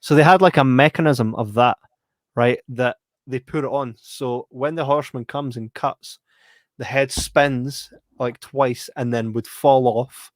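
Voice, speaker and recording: A man's voice: mid-range voice, steady tone, measured pace, no room sound, studio quality. A Scottish man co-hosting a podcast, chatting casually about a film, laughing and acting out scenes with squeals and sound effects. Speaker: podcast co-host.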